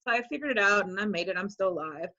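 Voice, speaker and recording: A woman in her forties from Wisconsin, a high school teacher telling her story as an interview guest, animating quotes in a chatty way. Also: racing, muffled recording. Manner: animated, acts out quoted speech with "like".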